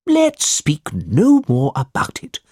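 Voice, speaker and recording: A man doing a kindly old gentleman. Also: fairly high pitch, wildly swooping pitch, slow pace, breathy edge, no room sound, clean studio sound, voice pushed up, heavily acted. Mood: earnest. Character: kind, generous older gentleman benefactor.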